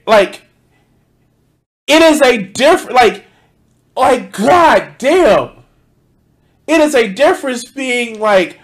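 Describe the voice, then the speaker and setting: Excitable high-pitched man ranting at a video. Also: unhurried, pauses often. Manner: animated, profane, interrupting with sudden loud outbursts; reads out donation thanks. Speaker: streamer reacting to a video. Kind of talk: casual reaction commentary.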